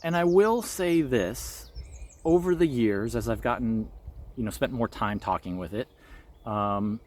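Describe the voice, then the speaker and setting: A man's voice: medium pitch, animated, a little slow, darkish tone. A man vlogging about his spiritual experiences, telling a personal story in an earnest, reflective way with light laughs.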